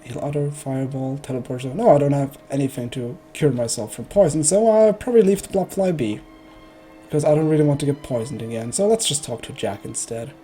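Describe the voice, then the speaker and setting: A man's voice: medium pitch, fairly quick, mellow, soft background music. A man streaming a video game, joking and thinking aloud as he plays. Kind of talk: casual let's play commentary.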